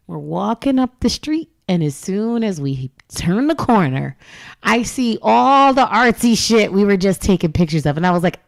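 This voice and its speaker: A woman co-host telling a story in loose, casual banter. She acts out what people said and keeps breaking into laughs. Her voice sits at a middling pitch for a woman. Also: measured pace, creaky. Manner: animated, laughing storyteller who acts out quotes. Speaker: podcast co-host.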